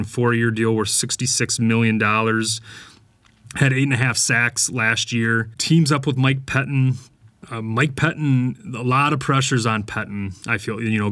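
A man's voice: mid-range voice, fairly bright tone, no room sound. A man hosting a sports podcast, giving casual, opinionated commentary with lots of fillers and restarts. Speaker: podcast host.

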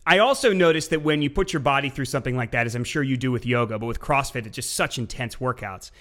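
A man's voice: medium pitch, fast talker, fairly bright tone. A man hosting a podcast, affable and often repeating words as he starts his sentences. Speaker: podcast host. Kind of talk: podcast interview.

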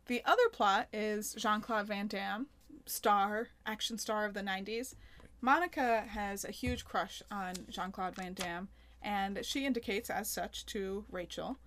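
A woman co-hosting a podcast, casually retelling an episode with lively acted-out quotes. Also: mid-range voice, a little slow, a little hiss or hum. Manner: animated storyteller, acts out quoted lines. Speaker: podcast co-host. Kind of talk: casual chat recapping an episode.

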